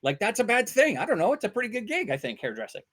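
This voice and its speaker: Animated storytelling voice actor man. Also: high voice, fast. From Vancouver, Canada. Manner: animated storyteller, bursts into loud character voices. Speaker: voice actor guest. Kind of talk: casual anecdotes.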